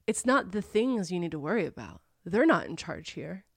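A woman's voice: on the low side, sing-song, normal speed, gravelly, breathy edge, dry recording, clean studio sound, exaggerated voice. A woman voicing a grim, ominous man rotting in a marsh boat, giving blunt, foul-mouthed warnings while she retells a story.

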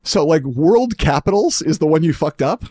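A man's voice: fairly high pitch, lively intonation, crowd noise. A man hosting a podcast in casual chat, teasing his guest. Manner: fast-talking, teasing. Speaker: podcast host.

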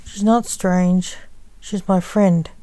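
A woman's voice: on the low side, fairly even intonation, slow pace, dark tone, no room sound. A woman reading the part of a blunt young enchantress girl in a story. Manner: blunt, matter-of-fact.

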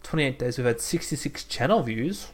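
A man's voice: mid-range voice, animated, moderate pace. Man reading a list aloud. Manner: reads out a list in a mock-formal tone, breaks into laughter. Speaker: podcast co-host. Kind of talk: casual chat.

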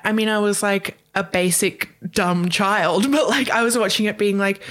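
A woman's voice: on the low side, a bit bright. A woman co-hosting a pop culture podcast, musing casually with lots of "like" and some swearing. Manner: reflective, frequent "like", swears. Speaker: podcast co-host.

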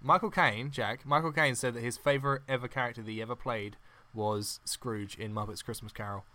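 A man's voice: medium pitch, fairly even intonation, brisk, sharp tone. A young man co-hosting a podcast in casual chat, laughing often and stammering over words when he argues. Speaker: podcast co-host.

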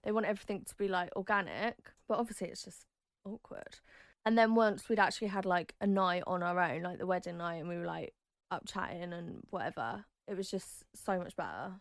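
Woman, thirties, chatty interview guest, animated storytelling, dry close sound. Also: brisk, dry recording. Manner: chatty, animated, acts out quotes with high squeals.

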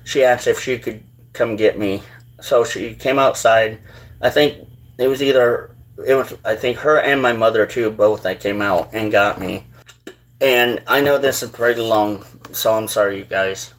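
A man hosting his own show, telling a personal story in a halting, rambling, earnest way. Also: on the low side, fairly even intonation. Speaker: show host.

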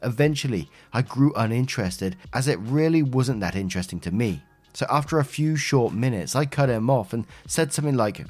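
A man with an animated, mid-range voice that sounds a little mellow reads an online post aloud at normal speed, then chats about it conversationally as the host. Faint music plays behind him. His talk is full of fillers and asides.

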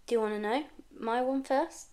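A woman's voice: fairly high pitch, normal speed, a little mellow. A woman and florist co-hosting a podcast, chatting casually, laughing often and swearing for comic effect. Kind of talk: casual chat.

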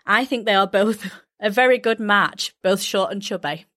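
Young South Yorkshire woman, podcast co-host, chatty and quick to laugh, middle-pitched voice. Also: a bit bright. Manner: chatty, reads out comments with laughs. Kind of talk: casual podcast chat.

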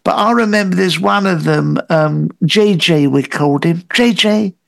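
A man co-hosting a comedy podcast, telling halting, rambling anecdotes full of fillers. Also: high voice, gravelly, dry recording. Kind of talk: improvised comedy chat.

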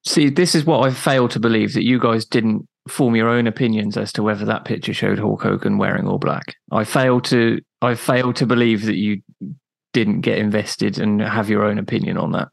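A man with a gravelly voice teases and argues in a podcast chat. The recording is dry and close. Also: on the low side, fairly even intonation, moderate pace, dry recording. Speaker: podcast co-host. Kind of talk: casual chat.

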